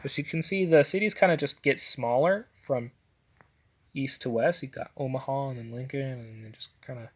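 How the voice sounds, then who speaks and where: A man's voice: medium pitch, normal speed. A young man casually talking over a map, rambling with lots of fillers and self-corrections as he ranks things. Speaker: vlogger.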